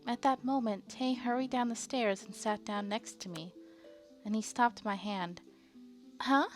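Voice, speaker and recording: A woman's voice: fairly high pitch, fairly even intonation, normal speed. A woman streaming a visual novel playthrough, reading the game's text aloud and chatting playfully with her viewers. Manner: chatty, playful, reacts to chat. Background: faint game music.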